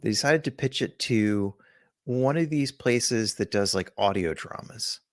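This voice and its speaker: A man's voice: on the low side, unhurried, no room sound, studio quality. A man co-hosting a podcast in casual chat, telling stories in a rambling, jokey way. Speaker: podcast co-host.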